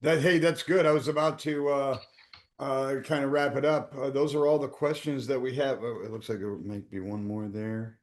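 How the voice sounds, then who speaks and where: A man's voice: mid-range voice, level tone, moderate pace. A man moderating a webinar and wrapping it up, joking casually with many fillers.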